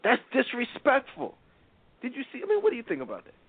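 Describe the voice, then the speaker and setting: A man's voice: extremely high pitch, wildly swooping pitch, quick pace, no echo. A man hosting a radio talk show, giving blunt, preachy, emphatic commentary. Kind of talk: opinionated commentary on reality TV. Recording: tinny phone-like radio sound.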